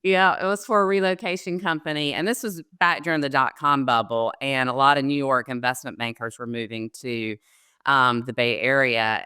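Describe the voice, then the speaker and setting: A woman's voice: extremely low pitch, pushed and bright, clear, resonant tone, no echo, clean studio sound. A middle-aged woman with a Southern American accent, telling her career story as an interview guest with plenty of ums. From Southern United States. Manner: chatty storyteller, frequent ums, laughs easily. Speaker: guest, loan officer. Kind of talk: conversational interview.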